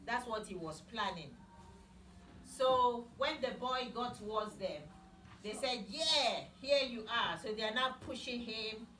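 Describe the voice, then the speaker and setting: A woman's voice: a little high, pushed and bright, slight background noise. A woman telling a Bible story to children in simple words, asking them questions as she goes, recorded in an echoey room far from the mic. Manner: slow, simple wording, asks children questions. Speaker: Bible teacher.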